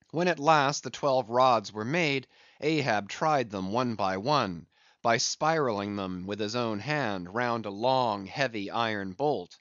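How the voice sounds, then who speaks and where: A man narrates a classic novel as an audiobook in a measured, deliberate way, taking his time over each phrase. His voice sits in a middle pitch, and the recording is dry, close and a little dull. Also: animated, a bit bright, no echo. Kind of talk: scripted literary narration.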